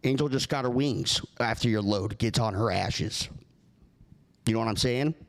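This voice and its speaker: Deadpan low-voiced man on a prank call. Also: normal speed, vocal fry. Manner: earnest and rambling, keeps a straight face. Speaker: prank caller.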